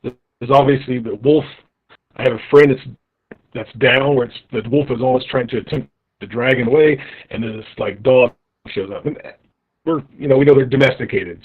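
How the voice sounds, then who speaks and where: A man's voice: mid-range voice, phone-quality sound. A man playing a tabletop game, thinking aloud as he decides his move. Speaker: player.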